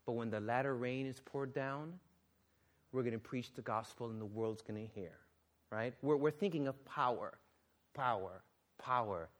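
A man preaching a sermon and reading scripture, exclaiming and questioning the congregation, then dropping to a low, earnest tone for serious points. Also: normal speed. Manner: animated, exclaiming and asking the audience questions.

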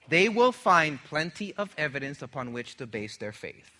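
A man's voice: a little high, very animated, normal speed, hardly any pauses, pushed and bright. A middle-aged man preaching a sermon, emphatic, throwing rhetorical questions to his congregation.

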